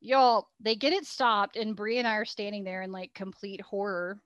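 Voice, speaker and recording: A woman, co-hosting a podcast and telling an animated story, laughing as she goes. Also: medium pitch, moderate pace, no room sound, lo-fi sound. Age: 40s. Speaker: podcast co-host. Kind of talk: casual storytelling chat.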